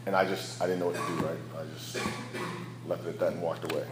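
Low-voiced man telling his recovery story. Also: level tone, fast, reverberant, low-quality recording. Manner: candid, storytelling, laughs at his own past. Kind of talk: personal testimony talk.

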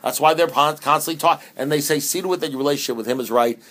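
A man's voice: on the high side, fast, fairly bright tone. A man speaks at a recovery meeting in a slightly raised voice, conversational and joking. He hammers his points with repeated phrases and often restarts mid-sentence. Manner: conversational, humorous, emphatic with restarts.

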